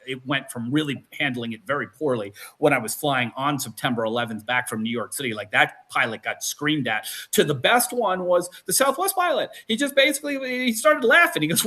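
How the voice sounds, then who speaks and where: Man, podcast host, bright voice, a bit high, animated storyteller, chatty. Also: fairly quick, hardly any pauses. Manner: animated, acts out quotes, many restarts. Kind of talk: casual storytelling chat.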